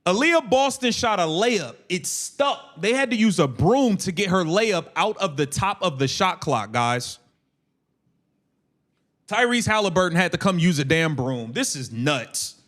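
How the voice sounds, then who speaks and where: A man with a high, animated, fairly bright voice calls a game play by play on a livestream. His casual commentary comes in rapid, clipped bursts as he brashly mocks players and swears.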